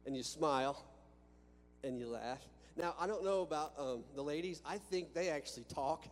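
Speaking at a moderate pace in a voice on the high side, a pastor delivers a sermon to a congregation. He is conversational, restarting lines and asking rhetorical questions. The setting is a church sanctuary with a balcony, and the recording has long hall reverb with faint hum.

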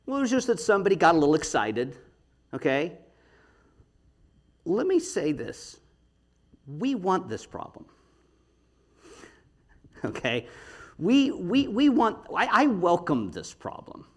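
A man in middle age leads a Bible study, talking with a somewhat high voice. His delivery is animated, with a pitch that swoops up and down. He keeps it conversational, laughing often and asking his listeners "okay?". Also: slow pace, long pauses. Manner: animated, chatty, laughs often, talks to the audience with frequent "okay?". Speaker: pastor or Bible teacher. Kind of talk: lively Bible study teaching.

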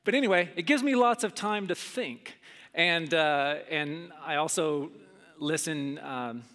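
A middle-aged man preaching a sermon, telling stories and acting out scenes with big jumps in his voice. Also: unhurried. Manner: animated, acts out scenes with big pitch jumps. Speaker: pastor. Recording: long hall reverb.

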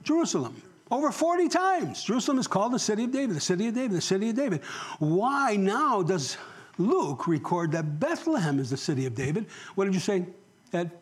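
Husky high-voiced male pastor preaching. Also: big pitch swings, fairly quick. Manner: conversational, asks the congregation questions, jokes. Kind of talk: sermon with audience questions. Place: church.

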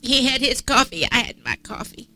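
Tearful woman preaching, bright and dry. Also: fairly high pitch, expressive, normal speed, no echo. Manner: emphatic, repetitive preaching cadence. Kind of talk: sermon. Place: church sanctuary.

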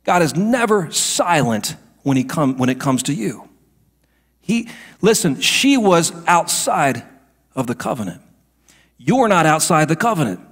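A middle-aged male pastor preaching a sermon, moving between hushed asides and emphatic declarations. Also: fairly high pitch, sing-song, unhurried.

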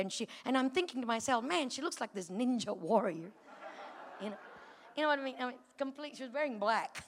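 A woman telling her personal testimony to a church congregation, chatty and lively, often laughing as she tells it. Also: high-pitched. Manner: lively, chatty storytelling with frequent laughs and rising emotion. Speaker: church member giving a testimony. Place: church sanctuary. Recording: reverberant church hall.

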